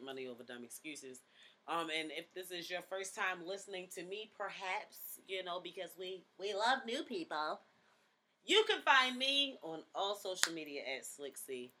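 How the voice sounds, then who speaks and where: A man's voice: fairly high pitch, expressive, moderate pace, background noise. A man hosting a podcast in casual chat, laid-back, rambling and profane. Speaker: podcast host.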